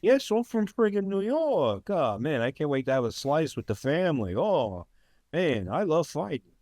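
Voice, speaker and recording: A man voicing a brash, mocking New York fighter in a loud, exaggerated way. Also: fairly high pitch, very animated, moderate pace, no echo, clean studio sound, pitched above the performer's own voice.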